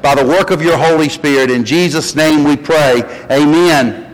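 Man, middle-aged, Southern accent, North Carolina mountains, pastor, folksy sermon storytelling, slightly high voice, long church reverb. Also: moderate pace. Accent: Southern US, western North Carolina. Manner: folksy storytelling, animated when quoting.

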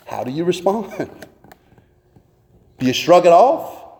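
A man's voice: sits high, very animated, slow pace, dark tone. A man, a pastor, preaching a sermon with earnest emphasis and pointed rhetorical questions. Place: church sanctuary. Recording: echoey long reverb of a church hall.

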